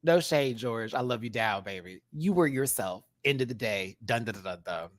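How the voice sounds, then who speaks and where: Animated, sassy man ranting on a live stream. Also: mid-range voice, dry recording. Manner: sassy, animated, quick to laugh. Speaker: drag show reviewer and channel host. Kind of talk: live-stream review rant.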